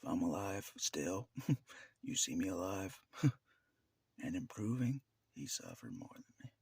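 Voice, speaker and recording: A man with a very deep, gravelly voice that drops into a husky whisper. His pitch swings widely as he rambles to the camera, and he laughs often between phrases. The sound is close and dry. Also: sing-song, unhurried, no room sound. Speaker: vlogger. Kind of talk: casual monologue to camera.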